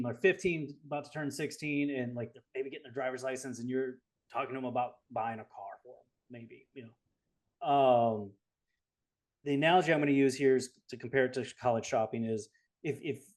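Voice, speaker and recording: A man from Southern California co-hosting a webinar, explaining things through drawn-out analogies. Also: mid-range voice, darkish tone. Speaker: co-host. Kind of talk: webinar talk.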